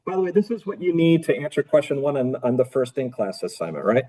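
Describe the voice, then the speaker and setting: A man's voice: mid-range voice, big pitch swings, fast talker, mellow, rough recording. A man teaching a philosophy class in a casual lecture style, asking the students rhetorical questions and repeating his key phrases. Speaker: philosophy professor.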